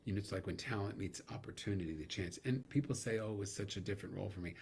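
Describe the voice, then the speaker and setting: A middle-aged man, a guest actor, telling animated stories in a casual interview, laughing now and then. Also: on the low side, very fast, slight background noise.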